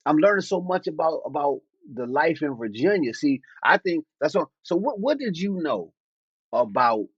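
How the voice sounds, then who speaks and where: An easygoing man from the Washington DC area asks a guest about his past in loose street talk. His voice sits at a middle pitch. The sound is dry and a bit muffled. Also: dry recording. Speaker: interviewer. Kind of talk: casual interview chat. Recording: dry, slightly dull recording.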